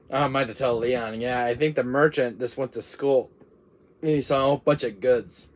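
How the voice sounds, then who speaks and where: A man's voice: medium pitch, moderate pace. Giggly rambling man. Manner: giggly, rambling, laughs often. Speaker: gaming channel host. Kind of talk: casual vlog monologue.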